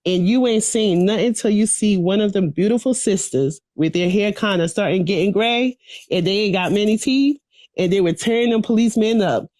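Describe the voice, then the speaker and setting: A woman's voice: medium pitch, normal speed, a little mellow, dry recording. Woman giving a fiery politics lesson on a video call, rhythmic, keeps asking "right?", dry sound. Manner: preachy, rhythmic, call-and-response. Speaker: political education speaker. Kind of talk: reciting a political speech to a class.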